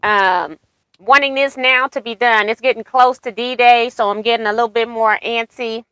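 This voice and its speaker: A woman's voice: on the high side, steady tone, moderate pace, a bit bright, clear, resonant tone, no room sound, low-quality recording. A woman hosting a casual quilting live chat, rambling about her plans and reading viewer comments aloud. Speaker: quilting livestream host.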